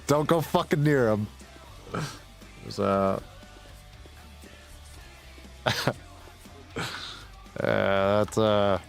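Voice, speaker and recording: A man's voice: lowish voice, lively intonation, very slow, gravelly, long pauses, soft background music. Blunt, swearing young man telling stories. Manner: blunt, profane, laughs often. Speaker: gaming streamer. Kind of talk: casual storytelling while gaming.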